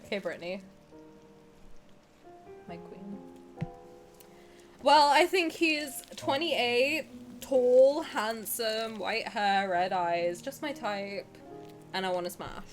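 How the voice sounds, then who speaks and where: A woman's voice: fairly high pitch, slow, long pauses, soft background music. A young woman streamer chatting casually and candidly while she plays a game, joking and swearing freely. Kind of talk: casual live-stream chat while gaming.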